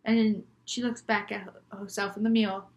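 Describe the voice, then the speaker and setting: A woman's voice: mid-range voice, level tone, a little fast, darkish tone. A young woman vlogger telling made-up scary stories in a chatty, rambling, giggly way. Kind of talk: casual storytelling vlog.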